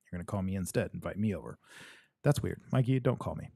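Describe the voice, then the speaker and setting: A man's voice: deep voice, lively intonation, quick pace, vocal fry, warm tone, husky, dry recording, studio quality. A man hosting a live podcast stream, reading viewer comments aloud and answering them in a blunt, joking, profane way. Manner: blunt, profane, joking, talks straight to the audience. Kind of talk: casual livestream chat.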